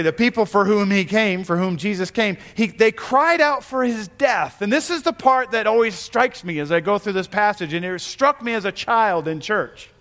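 A man preaches a sermon to his congregation in a fairly high voice, earnest and emphatic. He pauses and restarts as he builds each point. The sound rings out with the long reverb of a church hall. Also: fairly bright tone. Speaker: pastor. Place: church sanctuary.

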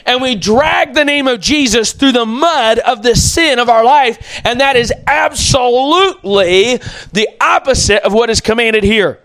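A man's voice: very high-pitched, measured pace, fairly bright tone, no room sound. A man preaching a sermon as pastor, emphatic, repeating phrases for stress.

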